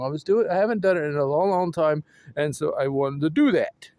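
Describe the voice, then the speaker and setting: A playful, excitable man talks to his phone camera outdoors. His voice sits high and swings widely up and down as he calls out and jokes. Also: normal speed, no echo. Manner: excitable, playful, laughing, shouting and calling out. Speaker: vlogger. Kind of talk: casual vlog. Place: outdoors at home.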